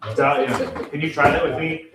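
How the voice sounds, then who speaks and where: Lively-voiced choir director in an echoey room. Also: male voice, a little high, measured pace, over a noisy crowd. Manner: upbeat, joking, demonstrates sounds by singing. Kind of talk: rehearsal instruction. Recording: echoey room, far mic, singers around.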